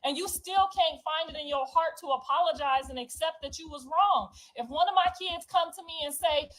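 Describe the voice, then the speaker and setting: A woman delivering a raw, profane, defiant confessional monologue, moving from low brooding to loud outbursts. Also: normal speed, low-quality recording. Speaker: reality show cast member.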